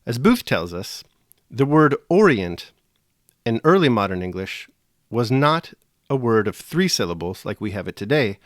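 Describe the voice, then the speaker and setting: A male instructor explains poetry with measured, dryly witty phrasing. His pitch moves up and down a lot as he lectures. The sound is close and dry, with no room around it. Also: big pitch swings, dry recording. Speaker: teacher. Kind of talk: scripted video lecture.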